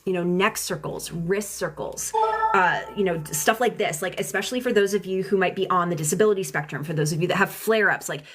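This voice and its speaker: A woman's voice: on the low side, brisk, fairly bright tone. A young adult woman giving a live-streamed tarot reading, talking in an emotional, rambling way with many restarts and casual swearing. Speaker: tarot reader. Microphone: phone or webcam mic.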